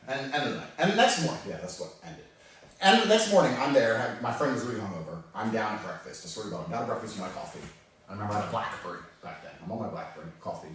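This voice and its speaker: A man telling a story in casual chat, animated, laughing often and swearing freely. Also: lowish voice, quick pace, a little hiss or hum. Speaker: storyteller on a podcast. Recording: echoey room from far off.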